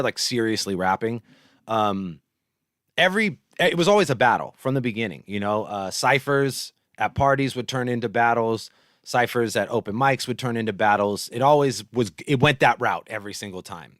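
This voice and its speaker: A man's voice: medium pitch, animated, moderate pace, fairly bright tone, no room sound, clean studio sound. A man in his thirties from San Jose, California, giving blunt, profanity-heavy casual commentary on battle rap. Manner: blunt, profane, trash-talking.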